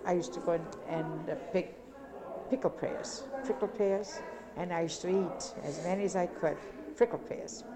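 A woman's voice: fairly low pitch, moderate pace. Older woman, rambling reminiscences. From Italy. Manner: rambling, repetitive, animated storytelling. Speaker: interviewee. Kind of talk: casual reminiscing. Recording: crowd chatter behind.

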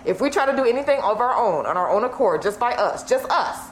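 A woman's voice: on the high side, lively intonation, quick pace. A woman co-hosting a podcast in casual chat, talking emphatically and repeating her points, with some profanity. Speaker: podcast co-host. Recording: echoey room with faint noise.

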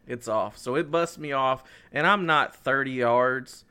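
A podcast co-host tells a story in casual chat, animatedly acting out both his own lines and what other people said. His mid-range voice is clear and resonant, and he speaks a little slowly.

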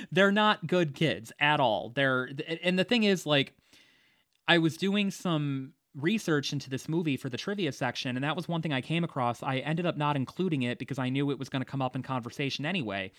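A man's voice: a little high, lively intonation, normal speed, a bit bright, no room sound, studio quality. A man hosting a casual movie discussion, chatty, with frequent laughs and fillers. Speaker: podcast host.

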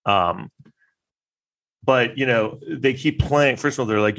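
A man's voice: mid-range voice, slow pace, vocal fry, a bit bright. A man hosting a podcast, talking casually in a rambling, filler-heavy way and acting out quotes. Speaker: podcast host. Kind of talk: casual monologue.

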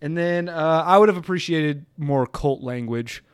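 Animated rambling podcast host man. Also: on the high side, a little slow, clean tone, dry recording, clean studio sound. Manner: rambling, animated, laughs often. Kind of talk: casual chat.

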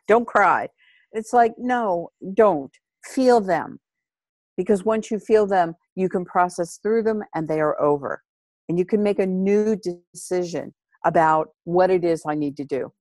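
A woman's voice: on the low side, lively intonation, measured pace, darkish tone, no echo. Woman host, emphatic and instructive, dry and close. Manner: emphatic, instructive, repeats key phrases. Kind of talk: podcast conversation.

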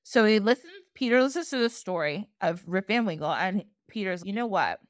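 A woman podcast host retelling a folk tale in casual, animated storytelling, laughing often. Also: mid-range voice, a little fast, dry recording, studio quality.

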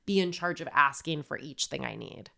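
A woman in her thirties co-hosting a podcast, telling a personal story in candid casual chat and acting out her own shouting. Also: deep voice, animated, moderate pace, vocal fry. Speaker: podcast co-host.

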